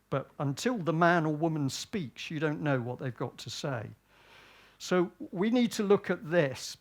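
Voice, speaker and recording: Guy from britain giving a talk to a crowd, voice a bit on the high side, fires off questions then answers them himself. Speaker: speaker at a public event. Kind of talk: public talk.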